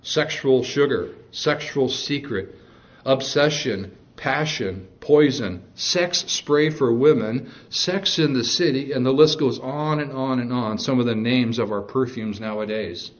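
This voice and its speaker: A man's voice: mid-range voice, unhurried, lo-fi sound. A male pastor preaching a sermon, reading scripture aloud and mixing jokes with stern warnings.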